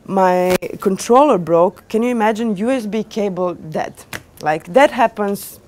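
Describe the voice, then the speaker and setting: A young woman DJ telling her story to an audience in animated, non-native English with small grammar slips, lots of fillers and restarts. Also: mid-range voice, unhurried, slight background noise. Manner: animated, acts out quoted dialogue. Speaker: DJ giving a lecture.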